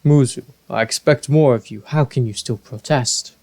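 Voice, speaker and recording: A man voicing an aged, huge male fish-folk king in a video game, speaking formally and slowly. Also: mid-range voice, a little mellow, natural voice. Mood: regal. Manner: formal, stately, slow and courtly.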